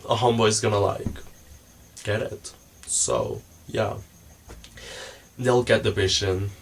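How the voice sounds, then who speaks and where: Slow, rambling young-sounding man vlogging. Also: on the low side, steady tone, slight background noise, rough recording. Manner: meandering, forgetful, self-mocking, many fillers. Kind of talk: casual rambling monologue.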